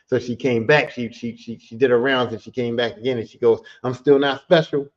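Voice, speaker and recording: A man's voice: a little fast, lo-fi sound. A podcast host telling a casual story in streetwise slang with heavy cursing, and his voice shoots up when he retells the heated parts. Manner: animated, jumps high when retelling heated moments.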